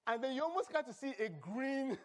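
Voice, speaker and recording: A Nigerian-accented pastor preaching in church, his voice sitting noticeably high for a man. He moves between reading scripture and joking with the congregation. His delivery is animated and calls for answers from the pews. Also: brisk. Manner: animated preaching with humor and call-and-response. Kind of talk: sermon.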